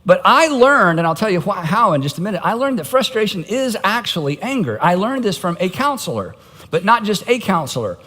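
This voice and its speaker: A man's voice: high-pitched, sing-song, fairly quick, bright, forceful tone. A middle-aged male pastor preaching a sermon in a conversational, self-mocking way, with wry asides. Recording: long hall reverb.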